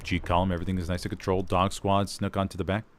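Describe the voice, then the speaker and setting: A man's voice: deep voice, monotone, racing. A man casting a live competitive shooter match, giving chatty, self-deprecating play-by-play. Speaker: esports caster. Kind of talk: live game commentary. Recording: game noise behind the voice. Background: gunfire, artillery and vehicles from the game.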